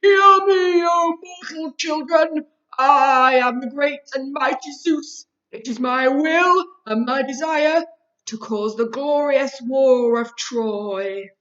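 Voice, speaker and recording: A woman reading a storybook aloud, voicing a bossy, boastful male god stuck as a hamster who squeaks, sulks and booms. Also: sing-song, a little fast, fairly bright tone. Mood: booming proclamation. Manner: huffy, squeaky, booming when proclaiming. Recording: dull lo-fi recording.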